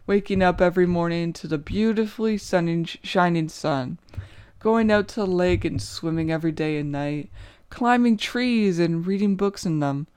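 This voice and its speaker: A woman's voice: on the low side, moderate pace, darkish tone, smooth, no room sound. A young woman reading her own short story aloud in the first person, with an earnest, emotional, inward delivery.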